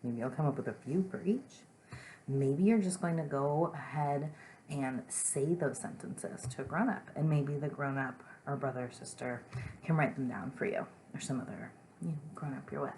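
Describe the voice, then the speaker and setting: A young woman teaches small children in a gentle, patient way. Her voice sits low with a gravelly edge of fry, and she reads her examples with big, playful expression. A faint hiss runs under the recording. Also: normal speed. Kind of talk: remote lesson for young children.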